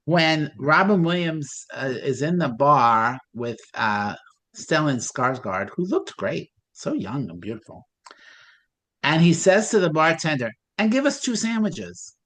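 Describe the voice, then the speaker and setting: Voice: medium pitch, unhurried. A panelist in a casual movie discussion, talking with disbelief and firing off rhetorical questions. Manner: animated, incredulous, rhetorical questions. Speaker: film club panelist.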